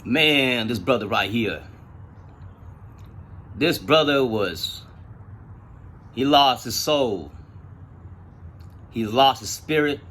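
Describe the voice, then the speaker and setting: Husky man telling profane street stories. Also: medium pitch, very slow, pauses often. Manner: profane street slang, animated retelling. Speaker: storyteller. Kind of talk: casual storytelling.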